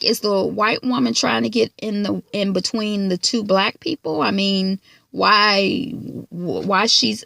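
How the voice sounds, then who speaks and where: Sitting in her car, a TV recap vlogger gives a casual episode recap, telling it in a chatty, filler-heavy way packed with asides. Her medium-pitched voice is creaky and a bit bright, with no echo.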